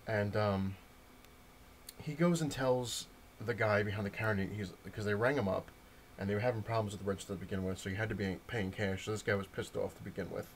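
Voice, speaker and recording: Rambling low-voiced man telling a story. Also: a little fast, slight background noise. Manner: rambling, loose storytelling with many fillers and restarts. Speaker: comic book collector showing his purchases. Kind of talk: casual rambling anecdote to camera. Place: at home, indoors.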